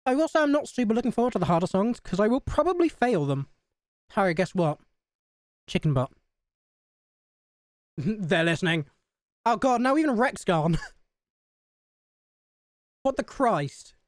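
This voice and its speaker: A woman's voice: mid-range voice, very animated, unhurried, long pauses, no room sound, clean studio sound. A woman with a Scouse accent streaming a game live, chatty and sweary, laughing at herself.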